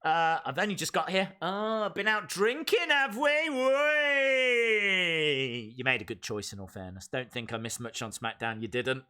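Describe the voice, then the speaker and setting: A man's voice: medium pitch, expressive, fairly quick, few pauses, bright, forceful tone. A man hosting a live wrestling reaction stream, chatting with viewers and ranting in mock outrage. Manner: chatty, mock-outraged, reads out chat messages. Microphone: desk microphone.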